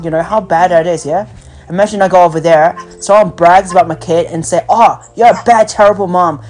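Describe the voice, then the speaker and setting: A woman podcast host rants bluntly in casual chat, full of swearing and fillers. Her voice sits low and sounds a little mellow, heard over a phone call with faint music.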